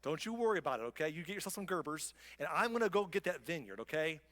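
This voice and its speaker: A man's voice: a little high, big pitch swings, fast, fairly bright tone. A man voicing a queen who coddles her sulking husband in mocking baby talk. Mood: mocking, coddling.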